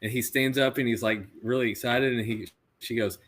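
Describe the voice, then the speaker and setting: A man's voice: mid-range voice, fairly even intonation, a little fast, fairly bright tone. A man in his thirties co-hosting a casual podcast chat, telling stories animatedly and laughing often. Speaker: podcast co-host.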